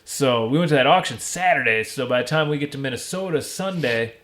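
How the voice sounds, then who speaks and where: An easygoing man chatting on a podcast, a middle-of-the-road voice neither high nor low. He rambles through stories, swearing freely and acting out what people said. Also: lively intonation, a little fast, fairly bright tone. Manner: rambling profane storyteller. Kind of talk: casual podcast chat.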